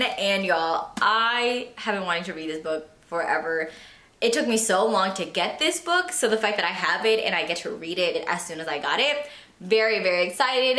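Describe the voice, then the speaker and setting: A woman's voice: medium pitch, a bit bright. A woman book vlogger chatting casually in a bubbly, gushing way. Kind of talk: casual vlog chat. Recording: echoey room.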